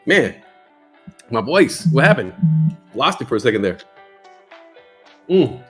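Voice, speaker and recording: A man's voice: medium pitch, sing-song, slow, a bit bright, faint music behind. A man hosting a casual trading livestream, joking around and reading out chat comments. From New York. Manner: playful, jokey, reads chat aloud. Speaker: livestream stock trading host.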